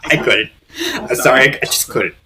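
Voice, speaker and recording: A man's voice: mid-range voice, normal speed, crowd noise, poor audio. A man casually reviewing a fanfiction story, rambling and giggling as he goes, with bursts of put-on voices.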